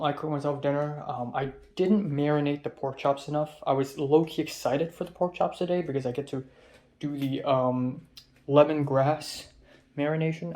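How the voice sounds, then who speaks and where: A young adult man with a slightly high, slightly mellow voice, this Hong Kong film student talks his way through a diary vlog. It's rambling and profane, loaded with ums and restarts.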